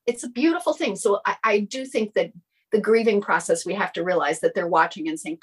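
Husky woman telling an animated story. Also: mid-range voice, normal speed, rough recording. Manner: animated, acts out quoted dialogue. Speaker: guest sharing a personal story. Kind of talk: casual storytelling in an interview.

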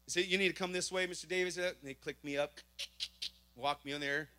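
Animated man telling a church testimony. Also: on the high side, a little fast. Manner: animated storytelling, acting out dialogue. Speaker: testimony speaker.

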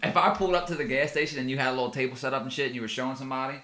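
A man chatting casually on a podcast, animated and swearing often, acting out what people said. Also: mid-range voice, rapid-fire. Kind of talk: casual chat. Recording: roomy echo.

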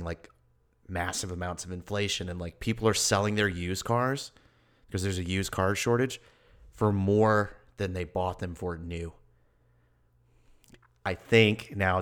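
A man's voice: low-pitched, clear, resonant tone. A man co-hosting a podcast in casual chat, rambling and hedging with lots of filler words. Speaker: podcast co-host.

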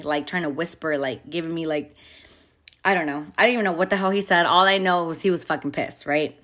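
A young woman and mother telling a personal story in a candid, expressive way, swearing freely. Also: fairly low pitch. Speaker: vlogger and mother. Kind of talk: casual storytime.

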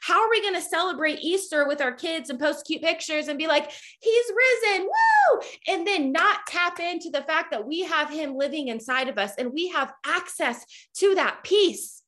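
A woman in her thirties giving a fervent, preachy faith talk to her followers, at times nearly yelling. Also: high-pitched, normal speed, few pauses. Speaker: Christian speaker. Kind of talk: impassioned faith talk to a social media audience.

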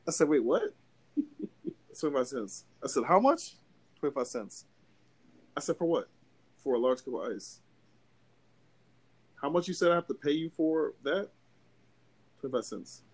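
A man's voice: medium pitch, husky. A young man on a podcast telling a long story in casual chat, cursing a lot and acting out every voice in it. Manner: animated, profane, acts out both sides of a story. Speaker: podcast co-host.

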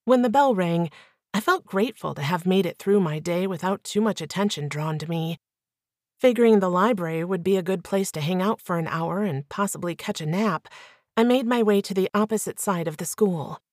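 A woman reading a first-person novel aloud as an audiobook narrator with clear, even storytelling. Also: on the low side, dry recording, studio quality.

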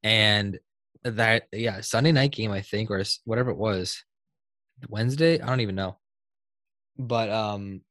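A young man hosting a casual sports podcast, talking in animated bursts and laughing often. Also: on the low side, no room sound. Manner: animated, laughing, fast bursts when excited. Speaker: podcast host.

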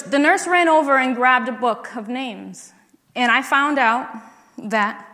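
An earnest woman shares her faith testimony slowly, with a fairly high voice. Her words build to emphatic declarations. A long reverb trails behind her, as in a large hall. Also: a bit bright. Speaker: speaker giving a testimony.

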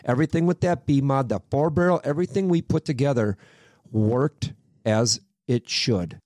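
A man's voice: medium pitch, normal speed, no echo. Minnesota guy, sprint car driver, guest on a podcast, swears a lot telling stories, dry studio mic. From Minnesota, USA. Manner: animated storyteller, swears freely. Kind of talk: casual storytelling chat.

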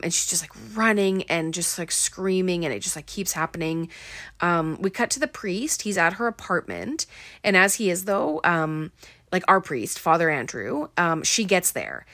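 Chatty young woman with a low voice. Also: a bit bright, dry recording. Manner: chatty, full of "like" and "um" fillers. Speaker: film recap host. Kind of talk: casual movie recap.

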